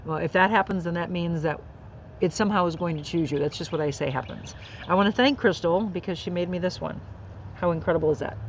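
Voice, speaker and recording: A woman's voice: fairly low pitch, quick pace, highs cut off. A woman hosting a live inspirational podcast outdoors, talking earnestly and encouragingly about faith and kindness. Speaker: podcast host. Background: birds and faint outdoor noise.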